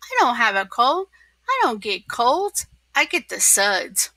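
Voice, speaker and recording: A woman reading a storybook aloud and voicing an excitable young male sea sponge who is sick, with high squeals and loud sneezes. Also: measured pace, dry recording, clean studio sound, exaggerated voice. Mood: anxious.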